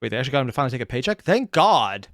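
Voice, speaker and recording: A man hosting a reaction video, sarcastic and excitable, swearing freely. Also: medium pitch, very fast, dry recording, studio quality. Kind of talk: reaction commentary.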